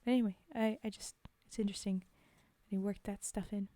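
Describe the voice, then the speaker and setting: Speaking a little fast in a steady, mellow, medium-pitched voice, a woman streamer chats casually between her poem readings. She giggles and fills gaps with ums, and the recording is dry.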